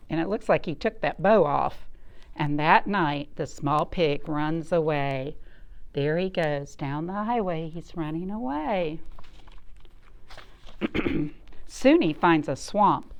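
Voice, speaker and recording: A woman's voice: sits low, slow pace. A woman librarian reading a picture book aloud at children's storytime, asking the listeners questions along the way. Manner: animated, asks the listeners questions.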